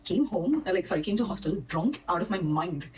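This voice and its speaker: A woman's voice: fairly low pitch, expressive, fairly quick, darkish tone, distant mic, a little hiss or hum, low-quality recording. A young college student woman, answering viewer questions in a casual, rambling, self-deprecating way while she has a cold. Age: young adult. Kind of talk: casual Q&A vlog. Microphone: phone.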